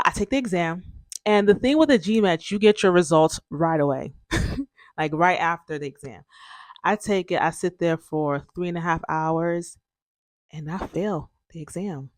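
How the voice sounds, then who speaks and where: A young woman hosting a podcast tells her own story chattily, with lots of fillers and self-corrections. Her voice is fairly low yet fairly bright, recorded at studio quality with no room sound.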